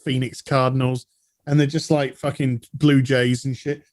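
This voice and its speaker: A British man on a podcast, telling animated, sweary stories and acting out bits of dialogue in casual chat. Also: medium pitch, normal speed. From United Kingdom. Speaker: podcast guest.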